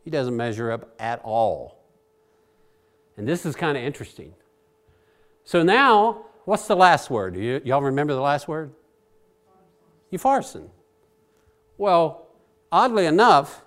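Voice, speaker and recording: A man preaching a Bible sermon in a chatty, animated way, swinging between loud and quiet. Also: medium pitch. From Virginia.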